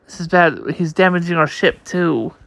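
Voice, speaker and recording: A man reads a comic aloud in a bright, very gravelly voice. He goes slowly and stumbles, restarting words, and the sound is dry and close. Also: a little high, dry recording. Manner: halting, slow reading with many restarts. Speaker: comic reader.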